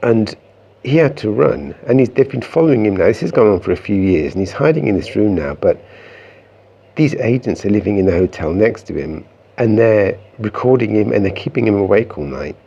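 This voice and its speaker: A man's voice: fairly low pitch, lively intonation, brisk, vocal fry, dark tone, highs cut off, slight background noise. A man telling a reflective personal story in a meandering, conversational way, often restarting his sentences. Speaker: vlogger.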